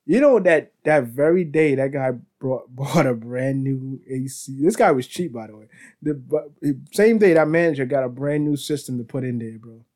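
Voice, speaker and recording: A man's voice: medium pitch, expressive, moderate pace, darkish tone. A man hosting a podcast, telling casual stories in a rambling way with restarts, laughter and "bro". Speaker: podcast host. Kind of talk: casual storytelling.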